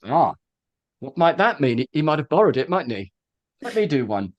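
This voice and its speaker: A man, a presentation coach giving a live workshop talk, animated and demonstrative, with frequent ums. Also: on the high side, normal speed, no room sound, muffled recording.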